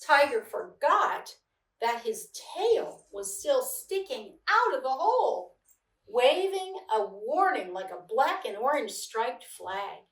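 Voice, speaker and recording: A middle-aged woman reading children's stories aloud with gentle expression, sometimes chatting warmly to a child beside her. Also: high-pitched, big pitch swings, takes it slowly. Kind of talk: children's story read-aloud. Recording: echoey room, mic at a distance.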